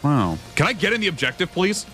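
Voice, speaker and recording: A man's voice: sits high, sing-song, fairly quick, bright, forceful tone, soft background music. A young man streaming a video game, chatting casually with his viewers, swearing often and rambling between thoughts. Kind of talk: casual gameplay commentary.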